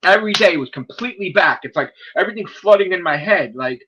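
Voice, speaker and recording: A man telling a story in casual chat, swearing a lot and acting out the people in it, sometimes shouting. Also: high voice, fast talker, dull audio, slight background noise. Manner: animated, profane, acts out quoted people in raised shouting voices.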